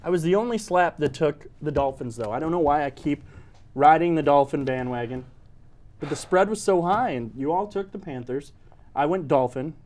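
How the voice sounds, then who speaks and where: A man's voice: fairly high pitch, expressive, normal speed, darkish tone, a little hiss or hum. A man hosting a casual sports podcast, joking and teasing as he runs through game picks. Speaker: podcast host.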